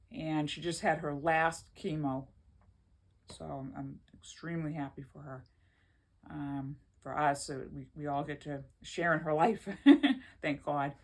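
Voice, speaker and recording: A woman vlogging from her home in a rambling, chatty way, often laughing as she talks. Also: low voice. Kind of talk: casual chat to camera.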